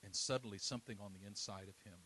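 A middle-aged man preaching a sermon, swinging between loud, soaring passages and quiet, hushed storytelling. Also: lowish voice, fast, a little hiss or hum, low-quality recording.

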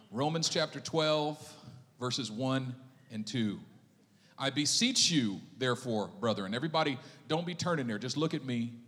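Joking bright-voiced pastor. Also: male voice, medium pitch, in a large hall. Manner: joking, storytelling, lively. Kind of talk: sermon. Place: church sanctuary.

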